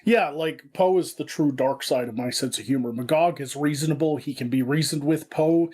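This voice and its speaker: A man, a comedy creator, chatting in an interview and telling stories in an animated way. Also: a little high, normal speed, husky. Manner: animated storyteller, slipping into voice impressions. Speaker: guest, online comedy creator. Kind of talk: casual interview chat.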